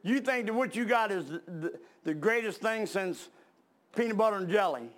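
A man's voice: high voice, animated, normal speed, fairly bright tone. A man preaching a sermon, reading scripture aloud and then explaining it in plain talk with fillers and restarts.

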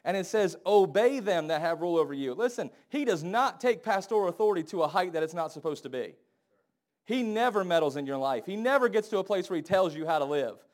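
A married man preaching a sermon, acting out the people he quotes with big jumps in loudness and pitch. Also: a little fast. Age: adult, married. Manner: animated, acts out quoted voices with big swings in pitch and volume.

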